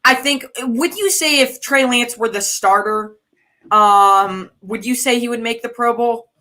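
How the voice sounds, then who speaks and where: Woman, caller, bright voice, somewhat high, casual and hesitant. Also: unhurried. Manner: hesitant, chatty, uses "like" and "um". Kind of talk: casual call-in chat.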